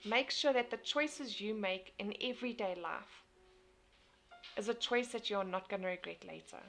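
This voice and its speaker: A woman's voice: medium pitch, normal speed, gravelly, fairly bright tone, faint music behind. A young woman, hosting a casual motivational live stream, talking earnestly and reading out viewer comments. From South Africa. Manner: earnest, repeats and restarts phrases.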